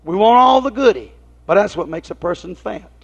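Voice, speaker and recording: A man's voice: sits high, expressive, a little fast, vocal fry, breathy edge. A man preaching a folksy sermon, telling homespun stories and asking his listeners rhetorical questions. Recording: dull lo-fi recording.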